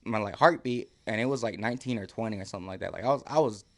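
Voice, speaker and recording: A man's voice: lowish voice, very fast. A man, a podcast guest, telling a story casually, acting out quotes and laughing often.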